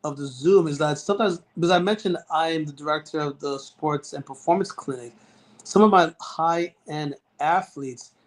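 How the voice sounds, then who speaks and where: A middle-aged man psychiatrist answering interview questions, earnest and halting, with frequent restarts and fillers. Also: fairly high pitch. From United States. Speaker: child and adolescent psychiatrist, guest.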